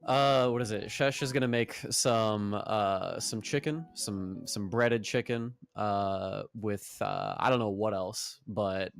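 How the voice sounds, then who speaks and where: A man co-hosting a casual chat with friends, relaxed and a little hesitant. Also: on the low side, takes it slowly, creaky, hardly any pauses, soft background music. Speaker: podcast co-host.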